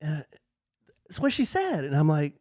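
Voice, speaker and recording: A man co-hosting a podcast, telling a story in a casual, animated way and acting out the people in it. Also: on the high side, normal speed, no echo, studio quality. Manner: animated storyteller, acts out quoted voices, laughs often. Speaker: podcast co-host. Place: podcast studio.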